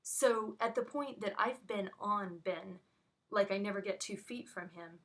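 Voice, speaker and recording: A woman's voice: mid-range voice, unhurried, a bit bright. A woman giving an emotional first-hand account of an incident, speaking urgently with frequent restarts. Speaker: witness recounting an incident.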